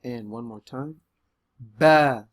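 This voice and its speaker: Man, Arabic reading teacher, casual and chatty, many ums, loud emphatic letter sounds. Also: mid-range voice, moderate pace. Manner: relaxed and chatty, with frequent ums. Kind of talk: beginner Arabic lesson video.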